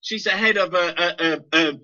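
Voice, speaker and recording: Man, high and sharply bright, furious sweary stammering rant, dull lo-fi sound. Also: fairly quick. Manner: heavy swearing, repeated stammered words. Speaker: guest. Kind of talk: impassioned political rant. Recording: dull lo-fi internet radio audio.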